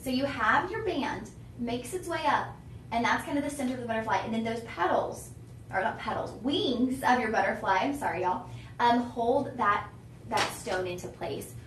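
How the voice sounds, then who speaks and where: A woman's voice: a little high, moderate pace, fairly bright tone. Young lady gushing about rings on a shopping stream, lots of y'all, slight room echo, faint hum behind. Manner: gushing, chatty, says y'all a lot. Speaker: shopping channel jewelry host. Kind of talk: live-stream sales pitch.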